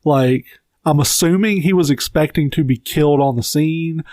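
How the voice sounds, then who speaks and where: A man's voice: a little high, normal speed, a little mellow, no room sound. A man with a Southern US accent co-hosting a podcast, giving blunt, profane opinions in casual chat. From Southern United States. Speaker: podcast co-host.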